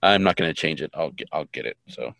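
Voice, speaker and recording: A man's voice: a bass voice, expressive, fast talker, creaky, fairly bright tone, no room sound, clean studio sound. A man co-hosting a podcast, chatting casually and joking through retakes, often stammering and restarting. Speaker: podcast co-host. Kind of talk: casual outtake banter.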